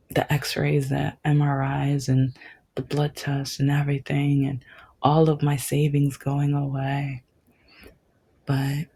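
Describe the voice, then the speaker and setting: A young adult woman hosting a podcast, telling a personal story in a halting way, with many restarts and whispered stretches. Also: fairly low pitch, vocal fry, darkish tone, husky. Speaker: podcast host.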